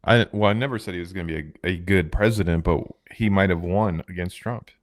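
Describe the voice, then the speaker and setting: This podcast co-host has a low voice and a brisk pace. He chats casually and rambles, full of fillers and restarts.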